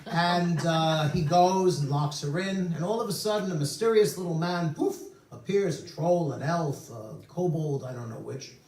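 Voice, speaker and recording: A man's voice: on the high side, moderate pace, hardly any pauses, a little mellow. A male rabbi preaching a sermon in a synagogue sanctuary, telling stories with humorous asides, heard from a distance in the room. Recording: roomy sanctuary from far off.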